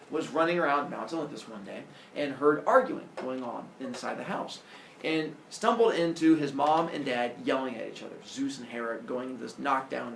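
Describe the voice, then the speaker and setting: A man teaching a class, telling myths in a jokey, animated way. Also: fairly high pitch, vocal fry, slight background noise. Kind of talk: classroom lecture, storytelling. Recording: roomy echo, distant mic.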